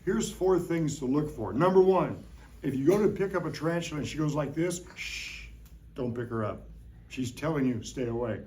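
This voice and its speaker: Middle-aged male science educator, playful classroom demo, slightly high voice, light background noise. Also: animated, brisk, darkish tone. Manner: playful, jokey, coaxing questions to children. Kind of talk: hands-on classroom demonstration. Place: elementary school classroom.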